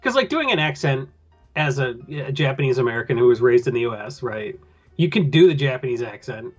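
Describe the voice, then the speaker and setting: A man's voice: mid-range voice, very animated, fairly quick, highs cut off, faint music behind. Rambling man on a podcast. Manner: rambling, loose with filler words. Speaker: podcast host. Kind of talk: casual chat.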